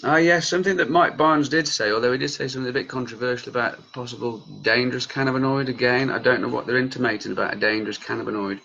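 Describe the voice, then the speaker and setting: A man's voice: medium pitch, steady tone, fast talker, creaky, hardly any pauses, bright, forceful tone, dull audio, slight background noise. A man in his late thirties, a campaigner talking straight to his viewers in heated, passionate vlog commentary. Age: late 30s. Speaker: cannabis campaigner and group leader. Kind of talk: vlog commentary reacting to news.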